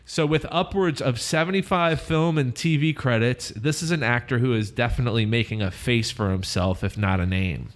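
A man's voice: medium pitch, normal speed, hardly any pauses. A man hosting a podcast, introducing a guest and joking in an upbeat, casual way. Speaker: podcast host.

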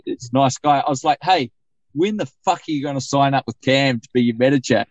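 Kiwi bloke telling a rowdy sweary story, dry dull mic. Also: male voice, on the high side, fairly quick, no room sound. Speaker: podcast co-host. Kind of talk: casual anecdote telling.

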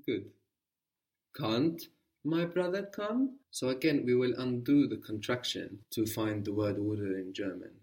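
A man teaching a guided language lesson, patiently prompting and repeating answers slowly. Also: medium pitch, darkish tone, recorded from a distance.

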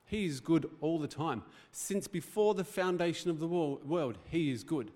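A man gives a church sermon, talking in a loose, joking way and putting questions to the room. His voice sits a little high for a man. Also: moderate pace, darkish tone. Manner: conversational, joking preaching with rhetorical questions. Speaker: pastor. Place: church hall.

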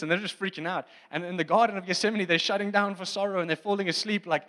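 Animated preacher man in a reverberant hall. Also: high-pitched, fast, hardly any pauses. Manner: animated and conversational, acting out scenes. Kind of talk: sermon.

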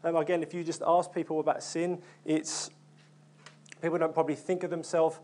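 Young male preacher, earnest, conversational delivery, slightly higher voice, plenty of fillers and restarts. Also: flat delivery, fairly quick, darkish tone. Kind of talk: sermon.

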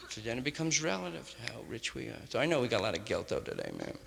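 A man's voice: mid-range voice, big pitch swings, fast talker, gravelly, hardly any pauses, a bit bright. Male stand-up comic, hip slang, improvised monologue; old live concert hall tape with a long echo and faint hiss. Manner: rambling hip jazz slang, drops "man" often. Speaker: stand-up comedian. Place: large concert hall stage before a live audience.

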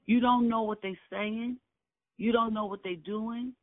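A man's voice: high-pitched, fairly even intonation, measured pace, no echo. An older man from Brooklyn, recalling his family's past in an interview, earnest and emphatic, repeating key phrases. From Brooklyn, New York. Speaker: oral history interviewee. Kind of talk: personal recollection in an interview. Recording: dry, tinny phone-like line.

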